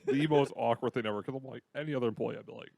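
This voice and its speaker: A man hosting a podcast, telling a wry story in casual chat with quick asides. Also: medium pitch, creaky, a little mellow, no echo.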